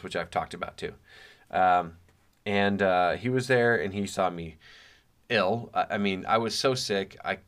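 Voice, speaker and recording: A podcast host in middle age delivers a casual monologue, sounding reflective and chatty as though speaking with his listeners. His fairly low voice has a fairly bright tone, and he sprinkles dry, self-mocking asides between thoughts.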